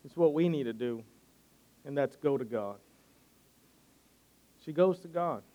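A man's voice: fairly high pitch, expressive, measured pace, mellow, highs cut off. A man preaching a sermon, earnest and building his points by repeating phrases. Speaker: pastor.

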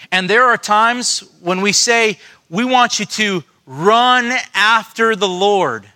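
High-voiced, bright-toned male preacher. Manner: earnest, animated storytelling with frequent restarts. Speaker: pastor. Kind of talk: sermon.

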